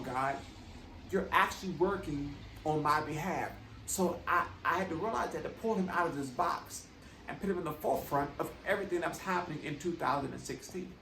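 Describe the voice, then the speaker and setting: A man's voice: fairly high pitch, gravelly, a bit bright, roomy sound, far from the mic, slight background noise, rough recording. A man earnestly telling a personal testimony in a conversational way, often checking in with his listeners. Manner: earnest, conversational, tags with "right?". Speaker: vlogger.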